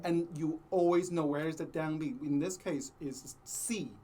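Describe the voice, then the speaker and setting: A cello teacher, a man with a fairly high voice, talks his students through a piece at an unhurried pace, stopping often to search for words. Soft cello playing is heard now and then behind him. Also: fairly even intonation, faint music behind. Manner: patient, explains slowly, sings phrases, many ums. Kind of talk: music lesson with sung demonstrations.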